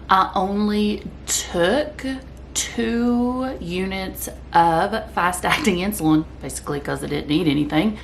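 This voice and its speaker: This vlogger's medium-pitched voice is gravelly, with a faint hiss or hum on the recording. She chats to the camera in a loose, rambling way, occasionally eating as she speaks.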